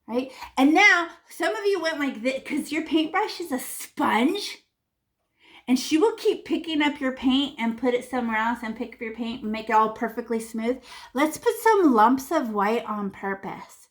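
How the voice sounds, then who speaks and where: A woman leads a children's painting class with a slightly high voice. She talks playfully and chattily, tossing in sound effects and repeating words as she goes. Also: expressive, normal speed. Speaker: art teacher. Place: classroom or home room.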